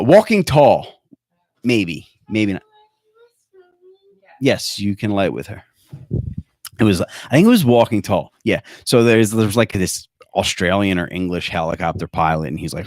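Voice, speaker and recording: A male podcast host with a fairly low, darkish voice chats casually, rambling and joking, full of fillers, restarts and self-corrections. The studio-quality recording has no echo.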